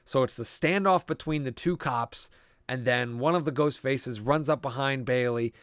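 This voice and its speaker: A man's voice: medium pitch, moderate pace, fairly bright tone, clear, resonant tone, no echo, clean studio sound. A man co-hosting a podcast, casually recapping a movie scene by scene with a lot of swearing and rambling. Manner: profane, rambling storyteller. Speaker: podcast co-host.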